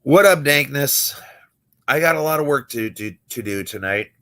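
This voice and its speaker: Medium pitch, lively intonation and a sharp tone mark this young adult man, who speaks at a moderate pace. He's a magician on a late-night livestream, casually spinning stories and impersonating the people he quotes.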